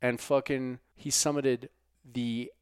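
A man hosting a podcast, swearing freely as he chats. He drops to quiet mutters and then erupts into loud outbursts. The sound is dry and close, with no room around it. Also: mid-range voice, little pitch movement, slow pace, clean tone, no room sound. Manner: profane, swings from muttered asides to loud outbursts. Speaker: podcast host. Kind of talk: casual podcast chat.

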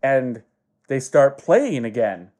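Man, slow deliberate improv storyteller, mellow tone. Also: mid-range voice, big pitch swings. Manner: slow, halting narration with many pauses.

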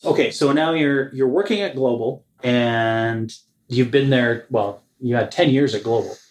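A man's voice: mid-range voice, measured pace, soft background music. Male podcast host, casual and affirming. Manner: gives short agreeing replies and guides the talk. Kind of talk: casual interview.

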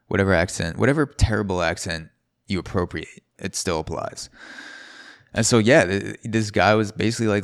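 A man with a very deep, low voice telling a story on his solo podcast. He rambles casually and keeps correcting himself. The sound is dry and close. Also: moderate pace, no room sound. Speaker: podcast host.

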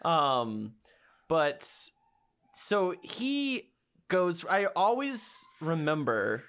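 A woman's voice: very animated, very slow. A woman co-hosting a casual podcast chat, enthusiastic and fond of acting out quotes in a raised voice. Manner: enthusiastic, acts out quotes in a high voice. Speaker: podcast co-host.

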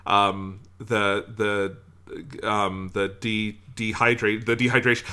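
Bright-voiced animated man. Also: lowish voice, moderate pace. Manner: animated, profane, stumbles and restarts. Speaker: podcast co-host. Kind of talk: casual film discussion.

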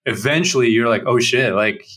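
A man's voice: medium pitch, normal speed. Easygoing male podcast host, casual storyteller, mid-range voice. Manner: relaxed, anecdotal, swears casually. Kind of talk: casual conversation.

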